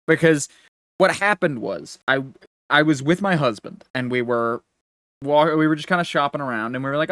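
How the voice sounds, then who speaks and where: Animated man telling a story, dry sound. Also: on the high side, normal speed, dry recording. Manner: animated storyteller acting out dialogue. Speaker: podcast co-host. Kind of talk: casual chat.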